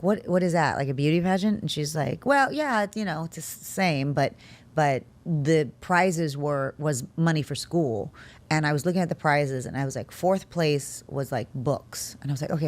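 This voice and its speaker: A woman from Texas, an interview guest telling a casual story, animated, laughing often and acting out what her family said. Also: low-pitched, normal speed.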